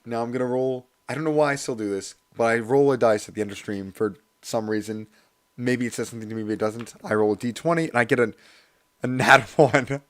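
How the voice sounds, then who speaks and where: A man with a hoarse voice chatting casually and laughing at himself while livestreaming. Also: medium pitch, fairly quick. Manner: chatty, self-deprecating, laughs often. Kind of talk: casual study stream chat.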